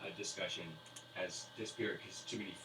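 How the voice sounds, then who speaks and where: A man's voice: deep voice, steady tone, fairly quick, sharp tone. A man narrating as game master, rambling with fillers and restarts. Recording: roomy, distant mic with faint hiss.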